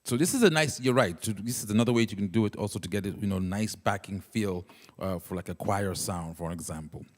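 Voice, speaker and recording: Holding a wireless mic, a man demos a keyboard live, talking viewers through each step in a relaxed way, singing, and reading comments along the way. His voice is on the low side, fairly quick and a little mellow, with keyboard music in a big-room sound.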